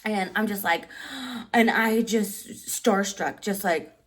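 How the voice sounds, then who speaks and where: A woman in her thirties recounting a story to camera in a loose, chatty vlog manner. Her voice sits in a middle range, and she peppers her talk with "like" and jumps up high when acting out what people said. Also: slow pace. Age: 30s. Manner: animated, heavy use of "like"; acts out quotes with big pitch jumps. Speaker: vlogger. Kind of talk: casual storytelling.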